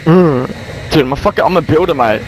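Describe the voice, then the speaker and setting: A man's voice: on the high side, lively intonation, moderate pace, soft background music. A young Australian man in heated gaming voice chat, swearing and mocking another player. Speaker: online game player.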